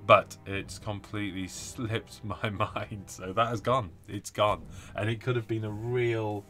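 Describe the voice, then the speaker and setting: A man's voice: on the low side, fairly even intonation, unhurried, fairly bright tone, soft background music. Chatty man reading out live chat. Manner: chatty, laughs often, reads viewer comments aloud. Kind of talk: casual live-stream chat.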